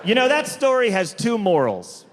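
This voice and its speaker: A man's voice: high voice, huge pitch swings. Man doing stand-up in a hall. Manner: deliberate, drawn-out storytelling with sudden quick asides. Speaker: stand-up comedian. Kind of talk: stand-up comedy set. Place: large theater stage. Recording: live comedy hall with long reverb, faint crowd noise.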